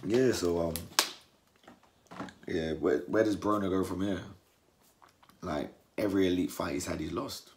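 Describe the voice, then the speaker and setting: A young man from England, giving a casual post-fight reaction and acting out the fighters in mocking voices. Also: gravelly. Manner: animated, acts out fighters' words in mocking high voices. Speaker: boxing commentator.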